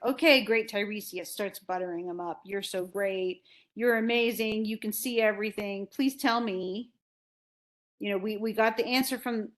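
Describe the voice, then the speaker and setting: A woman lecturing on a classic play, casually retelling scenes and acting out the characters' lines in everyday words. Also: medium pitch. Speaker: literature instructor.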